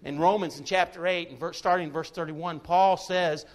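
High-voiced man preaching a folksy sermon. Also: fairly even intonation, moderate pace. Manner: folksy, emphatic preaching with joking asides. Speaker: pastor.

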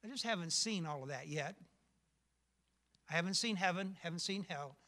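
Bright high-voiced preacher man. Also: animated, normal speed. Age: older. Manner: emphatic, asks the congregation questions. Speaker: pastor. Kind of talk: sermon.

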